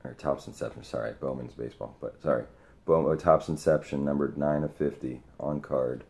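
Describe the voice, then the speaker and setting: Very deep-voiced man unboxing cards. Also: fairly quick, gravelly. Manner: excited, talks to the sender directly. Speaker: sports card collector opening mail. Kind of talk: casual unboxing vlog.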